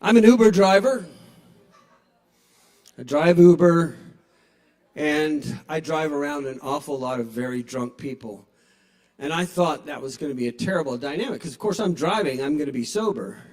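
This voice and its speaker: A man's voice: on the high side, expressive, normal speed, pauses often, darkish tone. A man in his sixties doing a stand-up comedy set in a small bar, telling wry, profane stories into a stage microphone. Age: 60s.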